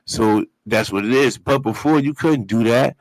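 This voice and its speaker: Animated man telling a story. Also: medium pitch, moderate pace, no echo, low-quality recording. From Brooklyn, New York. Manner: animated, profane street talk with vocal sound effects. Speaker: guest telling his life story. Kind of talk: casual storytelling.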